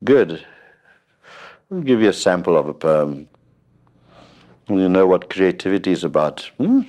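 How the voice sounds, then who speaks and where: Slow, deep-voiced man giving a spiritual talk. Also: sing-song, mellow. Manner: storytelling with frequent questioning "hmm?" asides; humorous, anecdotal. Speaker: spiritual teacher.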